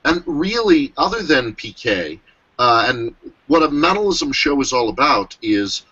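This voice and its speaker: A man in his thirties hosts a casual video chat with a husky, bright-edged voice and a lively, swinging pitch. His audio sounds dull, as over a video call. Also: unhurried. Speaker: host.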